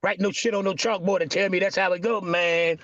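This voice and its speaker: A man's voice: high voice, steady tone, fast talker, a bit bright, no room sound, muffled recording. A middle-aged man talking casually, stammering and rambling with frustration. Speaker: podcast guest. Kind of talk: casual chat.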